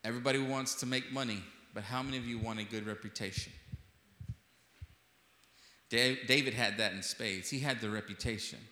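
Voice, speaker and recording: A man's voice: medium pitch, fairly even intonation, a little fast, pauses often, sharp tone. A man preaching an impassioned sermon as pastor, repeating phrases for emphasis. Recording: echoey hall with long reverb.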